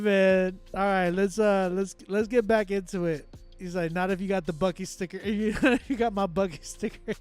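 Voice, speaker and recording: High-voiced Texan man telling stories. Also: smooth. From Texas. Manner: animated storytelling, loud excited outbursts, self-mocking laughs. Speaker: host. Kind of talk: casual chat with live chat readers.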